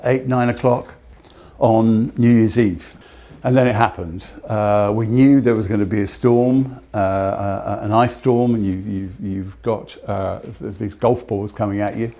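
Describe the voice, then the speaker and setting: An older man giving a talk, telling personal stories in a halting way with frequent restarts. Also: medium pitch, dark tone.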